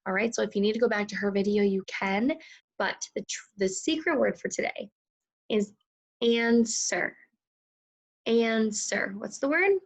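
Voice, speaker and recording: A woman teaching a recorded second grade phonics lesson, enunciating sounds slowly and clearly, praising and prompting her pupils. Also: medium pitch. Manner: slow, clearly enunciated, encouraging teacher talk.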